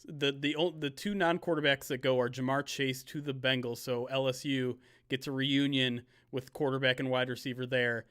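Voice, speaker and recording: A man hosting a live video stream, talking casually with lots of fillers and quick bursts, speaking through a video call mic. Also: mid-range voice, level tone, a bit bright, clean tone. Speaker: host.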